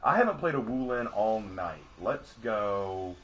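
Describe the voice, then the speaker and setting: A man's voice: on the low side, measured pace. A young man chatting casually with viewers while playing a game, joking and telling stories. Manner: animated, joking, addresses viewers as y'all. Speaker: streamer and host. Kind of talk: casual chat while gaming.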